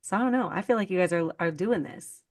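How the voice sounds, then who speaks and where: A woman's voice: on the low side, fast talker, a little mellow. A woman hosting a podcast in casual chat, talking loosely with many "like" fillers. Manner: chatty, heavy use of "like" fillers. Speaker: podcast host.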